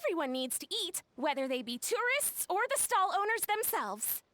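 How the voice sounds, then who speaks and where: A woman voicing an excitable young inventor hosting an event in a video game, talking in a bubbly, giggly way. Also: very high voice, normal speed, a little hiss or hum, full character voice. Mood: proud. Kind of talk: video game cutscene dialogue.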